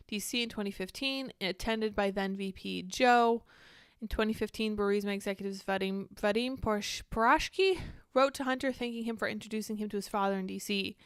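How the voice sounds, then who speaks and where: A woman's voice: medium pitch, fairly bright tone, clear, resonant tone, no room sound, clean studio sound. A woman hosting casual political commentary, reading news aloud with candid, sarcastic asides. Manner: candid, sarcastic, quick to react and digress.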